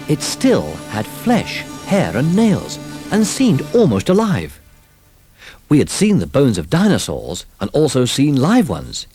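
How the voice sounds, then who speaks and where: A man narrating a children's storybook recording in a lively, expressive telling. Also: mid-range voice, measured pace, breathy edge. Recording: old storybook record with music.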